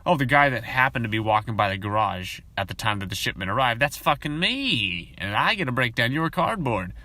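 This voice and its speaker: A man hosting a podcast, talking in a casual, rambling monologue full of profanity, and sometimes mimicking coworkers in high voices. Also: very animated, a little fast, pushed and bright, no room sound. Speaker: podcast host.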